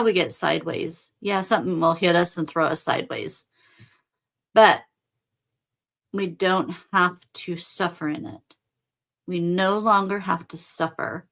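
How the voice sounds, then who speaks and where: Brief: middle-aged woman host, casual spiritual talk, earnest and direct, lower voice. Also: a bit bright. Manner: earnest, conversational, addresses listeners directly.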